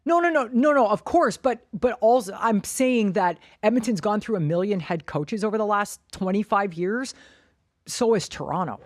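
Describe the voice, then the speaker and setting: A woman's voice: medium pitch, animated, normal speed, dry recording. A woman co-hosting a sports podcast, blunt and opinionated, swearing casually as she argues her points. Her voice sits in a middle range and the recording is dry and close. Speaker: podcast co-host.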